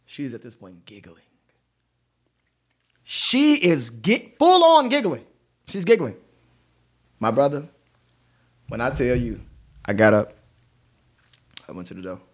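Animated male podcast storyteller. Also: mid-range voice, slow, pauses often. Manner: animated storyteller, acts out quotes. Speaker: podcast co-host. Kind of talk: casual storytelling chat.

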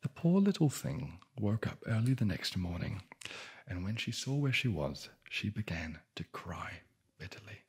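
Husky low-voiced man whispering a sleep story. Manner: soft whispering with wry joking asides. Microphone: close ASMR microphone.

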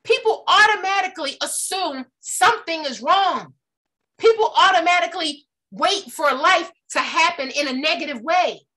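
A woman's voice: very high voice, animated, normal speed, sharp tone. A woman giving a motivational talk, emphatic and full of personal stories, often asking her audience questions. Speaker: motivational speaker.

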